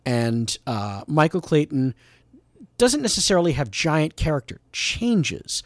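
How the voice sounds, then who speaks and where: A man's voice: fairly high pitch, big pitch swings, a little slow, dry recording. A man, a podcast guest, giving emphatic, opinionated takes in casual movie chat.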